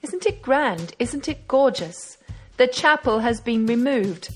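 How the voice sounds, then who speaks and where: A woman's voice: on the high side, animated, slow pace, husky, soft background music, exaggerated voice. A woman reading aloud as a brash young male amateur detective, speaking with eager, triumphant reasoning. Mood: exultant.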